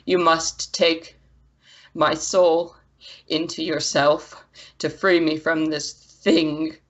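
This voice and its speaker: A woman's voice: low voice, fairly bright tone. Woman voicing a proud, pleading ancient water spirit. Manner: pleading, breathy and choked. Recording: dull lo-fi audio.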